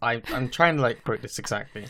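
A man co-hosting a podcast from his own microphone over a remote call. He jokes and swears freely in a casual, loose way, even eating between lines. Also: medium pitch, a little fast. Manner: joking, swears freely, eats while talking. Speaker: podcast co-host. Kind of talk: casual chat.

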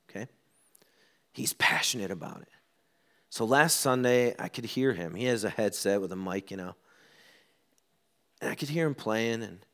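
A middle-aged man preaching a sermon, telling stories and acting out quoted lines with lively ups and downs. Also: fairly low pitch. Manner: animated storytelling, acts out quotes. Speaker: pastor.

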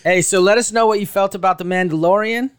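A man's voice: high-pitched, steady tone, quick pace, clean tone. A man co-hosting a podcast in casual chat, loose and rambling, often correcting himself. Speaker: podcast co-host.

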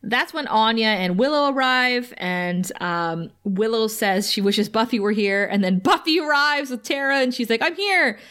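A woman's voice: fairly high pitch, moderate pace, few pauses, smooth. A woman co-hosting a casual podcast, recapping a TV episode with frequent laughter and acted-out quotes. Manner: animated, laughs often, acts out quoted lines.

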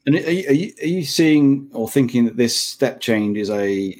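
A man hosting a podcast who introduces his guest and asks questions, halting often with fillers and restarts. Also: medium pitch, lively intonation, darkish tone. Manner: hesitant, many fillers and restarts. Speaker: podcast host. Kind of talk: casual interview chat.

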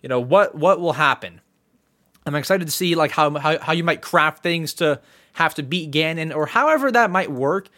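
A man hosting a casual solo podcast, talking in an excitable way and often clearing his throat. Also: fairly high pitch. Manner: excitable, animated. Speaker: podcast host.

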